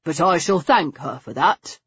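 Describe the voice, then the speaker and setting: A woman reading the part of a charming, flirtatious man keen on antiquities, in a smooth, coaxing, courteous manner. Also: a little high, lively intonation, measured pace, fairly bright tone, dry recording, highs cut off, heavily acted.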